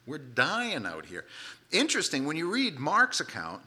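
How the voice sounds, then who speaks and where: A man's voice: on the high side, huge pitch swings, normal speed, sharp tone. A man preaching a sermon, retelling a Bible story with dramatic quoted voices.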